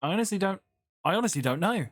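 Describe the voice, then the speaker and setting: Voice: mid-range voice, lively intonation, fast talker, no echo, studio quality. A gaming YouTuber, chatting casually while building in a sandbox game, rambling and often breaking off mid-thought. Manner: chatty, rambling, self-interrupting. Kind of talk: casual Minecraft building commentary.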